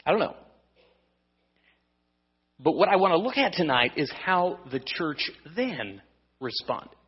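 Conversational pastor preaching in an echoey hall. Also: male voice, on the high side, sing-song, a little slow, breathy edge, lo-fi sound. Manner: conversational preaching with restarts and humor. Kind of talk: evening sermon.

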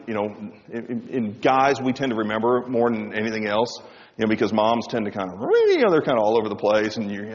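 A male pastor preaching a sermon, swinging between loud emphasis and hushed low tones. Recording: dull sound with long reverb in a hall.

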